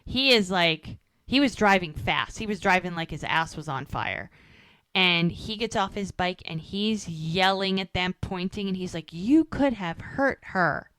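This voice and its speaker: This co-host speaks a little slowly, her voice smooth, lowish, and free of echo. Chatting casually about a TV episode on a podcast, she brings the recap to life by acting out what the characters said.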